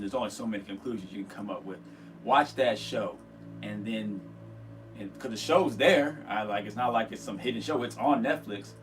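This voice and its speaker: Low-voiced man talking loosely over music. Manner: rambling, halting delivery with many restarts and fillers. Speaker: co-host of a spirituality show. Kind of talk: casual spiritual talk and Q and A.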